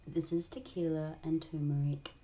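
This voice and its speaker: A woman's voice: sits low, flat delivery, normal speed, warm tone, lightly acted. A woman voicing a pushy, tempting snake who wheedles and coaxes. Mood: coaxing. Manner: wheedling, coaxing.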